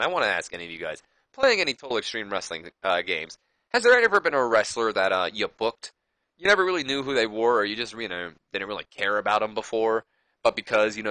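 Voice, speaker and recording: Dude chatting thru his wrestling game save, lowish bright voice, dry sound, keeps fixing his own slips. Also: no room sound, low-quality recording. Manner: rambling, self-correcting. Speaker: gaming YouTuber. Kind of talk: casual game commentary.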